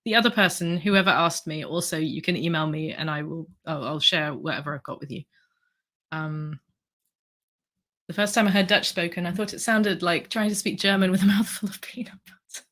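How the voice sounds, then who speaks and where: A woman's voice: fairly low pitch, normal speed, fairly bright tone. A woman in her thirties hosting a casual livestream, hesitant, with many ums and restarts as she reads out the chat. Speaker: livestream host.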